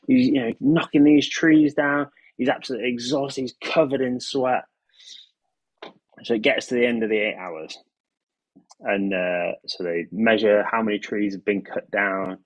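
A man telling a long anecdote in casual conversation, animated and acting out sound effects. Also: lowish voice, moderate pace, breathy edge, no room sound, low-quality recording. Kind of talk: casual storytelling chat.

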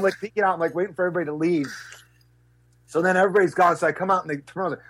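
A man, a speaker and business coach, telling animated stories in an interview and acting out the voices of others. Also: high voice, very fast, long pauses, breathy edge. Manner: acts out voices and gasps, lively and expressive. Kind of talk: animated storytelling in a podcast interview.

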